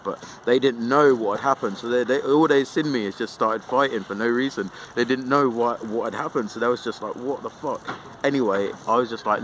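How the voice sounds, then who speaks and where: A man's voice: on the low side, background noise. A young man telling a rambling, sweary storytime in a casual way, full of fillers.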